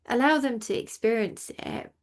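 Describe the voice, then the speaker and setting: Gravelly-voiced chatty woman host. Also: a little high, moderate pace. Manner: chatty, laughs easily, swears casually. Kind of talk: casual expert interview.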